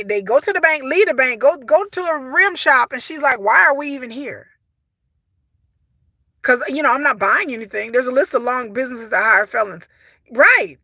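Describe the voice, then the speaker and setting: Woman w aave, high bright voice, blunt n exasperated, dry close sound. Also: no room sound. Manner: blunt, exasperated, swears freely. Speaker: reality TV reviewer. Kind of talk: casual commentary.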